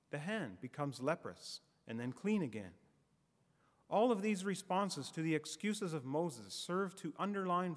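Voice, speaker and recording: A man preaching a sermon in a measured, emphatic way, letting his phrases fall away at the ends. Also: on the high side, in a large hall.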